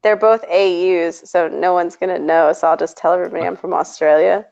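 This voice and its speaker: Woman streamer, teasing casual talker, gravelly lowish voice, lo-fi sound. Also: fairly even intonation, a little fast, a little mellow. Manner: jokey, teasing, laughs often. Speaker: co-host of a stream. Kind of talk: casual chat. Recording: lo-fi stream audio.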